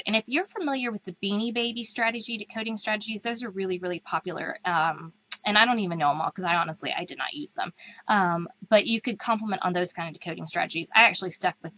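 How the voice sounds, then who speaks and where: A woman's voice: on the low side, a bit bright, low-quality recording. A woman teaching other teachers in a live online talk, speaking in a chatty, conversational way with frequent ums and likes. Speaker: reading teacher and educator.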